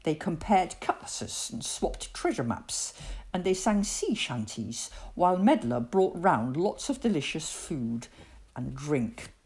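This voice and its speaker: A woman reading a children's storybook aloud in an expressive storytelling voice. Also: sits low. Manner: expressive, slow, lively storytelling.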